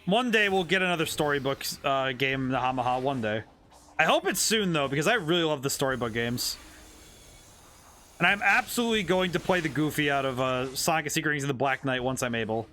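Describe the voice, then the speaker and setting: Here a man with a higher, sharp-toned voice and lively intonation talks briskly over slight background noise. He plays a video game on a live stream, musing aloud in a relaxed, joking manner and drifting between thoughts.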